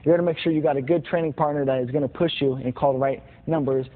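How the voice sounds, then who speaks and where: A man's voice: on the high side, steady tone, fast. Man coaching boxing over tinny audio. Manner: plain, repetitive instruction with punch sounds. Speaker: boxing instructor. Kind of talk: demonstrating boxing combos. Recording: tinny phone-like sound with noise.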